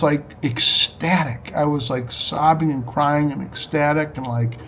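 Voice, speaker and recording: A man telling a personal story in an earnest, halting way, often restarting his sentences. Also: fairly high pitch, fairly even intonation, a bit bright, slight background noise. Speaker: storyteller recounting a spiritual experience. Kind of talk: personal testimony.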